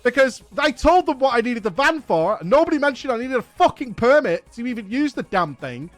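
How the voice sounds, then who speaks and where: A man streaming games, telling an exasperated anecdote in an animated, profane way. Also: very high-pitched, fairly quick, soft background music. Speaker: gaming streamer. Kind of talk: casual anecdote on a live stream.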